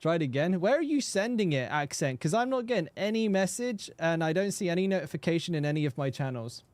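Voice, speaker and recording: A man's voice: a little high, expressive, fast talker, a little mellow, no room sound. A man streaming a game and chatting casually with viewers, swearing freely and often repeating words. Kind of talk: casual live-stream chat.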